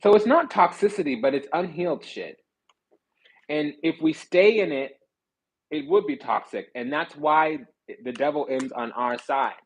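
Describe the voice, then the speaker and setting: Blunt, husky-voiced male tarot reader. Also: a little high, sing-song, measured pace, rough recording. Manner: blunt, slangy and swearing, with self-correcting restarts. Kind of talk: casual tarot reading.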